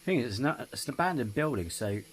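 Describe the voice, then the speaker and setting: A man's voice: mid-range voice, big pitch swings, fast, slight background noise. A man giving rambling, blunt commentary as host of a reaction video. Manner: rambling, blunt, swears freely. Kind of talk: casual commentary.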